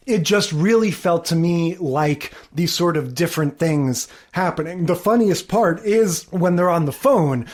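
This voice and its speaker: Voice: mid-range voice, expressive, unhurried, hardly any pauses, darkish tone. A podcast co-host in casual chat about sitcoms, rambling with many fillers. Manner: rambling, lots of fillers like "kinda like".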